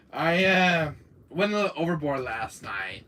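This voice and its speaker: A man's voice: a little high, sharp tone. A man hosting a gaming stream, chatting casually and rambling with many fillers and frequent laughter. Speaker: gaming channel host.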